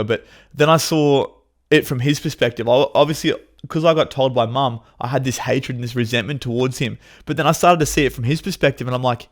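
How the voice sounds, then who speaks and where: A man's voice: medium pitch, a little fast. Candid man telling his story. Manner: candid, emotional, swears freely. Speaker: podcast host. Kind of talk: personal storytelling monologue.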